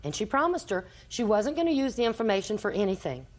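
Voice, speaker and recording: An older woman testifying before a judge, recounting events at length. She slips into the voices of the people she quotes. Her pitch sits in an ordinary middle range. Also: very animated, fast talker. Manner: long storytelling, acts out quoted dialogue. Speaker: litigant in small claims court. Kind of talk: courtroom testimony.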